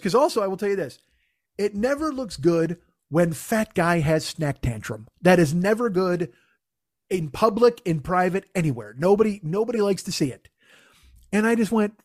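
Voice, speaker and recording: Guy with a pretty high voice ranting, swears a lot, super dry close mic. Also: animated, moderate pace, no echo. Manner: profane, exasperated, self-mocking. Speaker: podcast co-host. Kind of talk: comedic storytelling rant.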